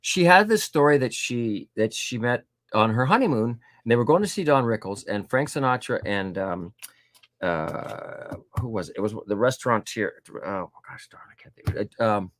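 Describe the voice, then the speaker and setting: Being interviewed, a middle-aged male author relates stories in a relaxed, lively way, voicing quotes and dropping in frequent fillers. His medium-pitched voice moves at a moderate pace with no room sound.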